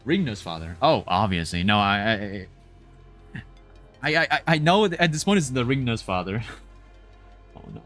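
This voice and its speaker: A man streaming a game, chatting in an excitable, rambling way and restarting his sentences often. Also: medium pitch, moderate pace, long pauses, soft background music. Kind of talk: game reaction commentary.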